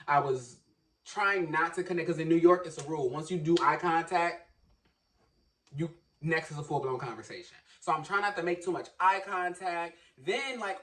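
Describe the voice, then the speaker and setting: A man telling a story in a casual vlog, animated and dramatic, acting out his own inner monologue. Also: a little high, far from the mic.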